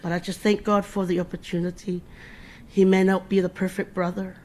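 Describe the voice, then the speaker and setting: A woman's voice: fairly low pitch, flat delivery, fairly quick, a little mellow. A middle-aged woman speaking at her brother's funeral, emotional and informal, often restarting her words and laughing between tears. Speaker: eulogy speaker, sister of the deceased. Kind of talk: funeral eulogy.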